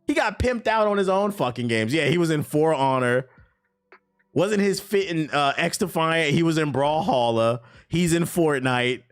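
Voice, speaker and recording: At normal speed and with a fairly high pitch, a man rants on stream about gaming news. Animated and sarcastic, he swears plenty, jokes around, and laughs often in this casual, profane reaction.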